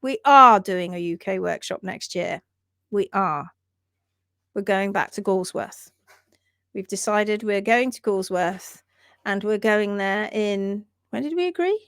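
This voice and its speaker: A woman's voice: medium pitch, unhurried, no room sound, clean studio sound. A woman hosting a livestream about hoof trimming, talking in emphatic, indignant bursts and reading out viewer comments. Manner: animated, emphatic, indignant rants.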